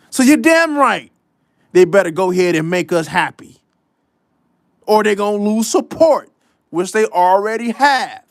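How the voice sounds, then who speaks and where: Male host for a sports rant show: blunt, profane, repeats himself to hammer points home, pitch swinging widely but delivery slow and deliberate, dry close mic. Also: no echo. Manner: repeats lines for emphasis. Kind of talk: casual sports commentary rant.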